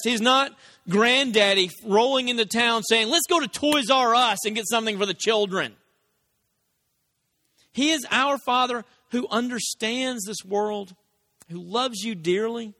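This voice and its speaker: Casting: high-pitched male preacher, animated storyteller, big vocal swings. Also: no room sound. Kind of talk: sermon.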